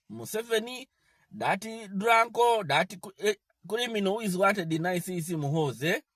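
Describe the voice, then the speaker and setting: A man delivers a defiant political rant, scolding and mocking as he goes. His voice sits fairly high and swings widely in pitch. The sound is dry and close. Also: fairly bright tone, dry recording. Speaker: political commentator.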